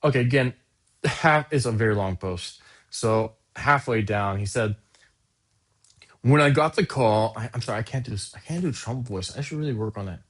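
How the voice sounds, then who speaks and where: A man's voice: fairly low pitch, brisk, slightly rough. Guy hosting a podcast, sarcastic, rambles and cuts himself off a lot. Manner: sarcastic, rambling, self-interrupting. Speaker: podcast host. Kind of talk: casual podcast commentary.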